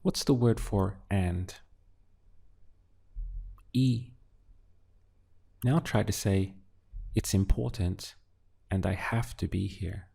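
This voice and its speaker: A low-voiced man leads a drill-style language lesson. He speaks very slowly and with a gravelly edge, setting out each phrase and then answering it word by word. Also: mellow. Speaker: language teacher.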